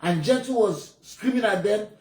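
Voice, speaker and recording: A man's voice: sits high, lively intonation, moderate pace, darkish tone. A man from Nigeria with a Nigerian English accent, giving heated, blunt political commentary. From Nigeria (Enugu State). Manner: indignant, emphatic, blunt. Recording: roomy echo.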